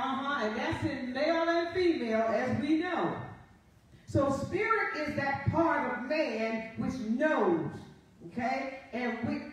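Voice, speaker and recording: A woman's voice: fairly high pitch, far from the mic. A woman pastor preaching a sermon, reading scripture aloud and often asking the congregation "Amen?". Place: church sanctuary. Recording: very echoey live church feed from afar.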